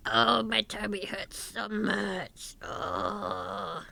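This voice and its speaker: A woman's voice: medium pitch, steady tone, very slow, sharp tone, heavily acted. A woman voicing a giant clumsy world serpent god who whines in broken English during a tabletop role-play. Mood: whiny. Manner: broken English, gravelly, whining.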